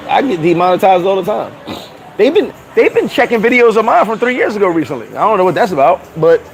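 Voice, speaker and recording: Through poor audio, a high-pitched man with vocal fry talks fast in a sing-song manner. He's a vlogger on a live stream, reading the chat aloud, rambling loosely, cursing, and laughing at himself.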